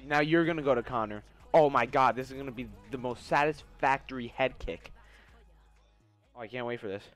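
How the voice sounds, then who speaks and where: A young man giving live gameplay commentary, trash-talking his opponent, swearing and erupting into shouts. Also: medium pitch, brisk, faint music behind. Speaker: gaming YouTuber.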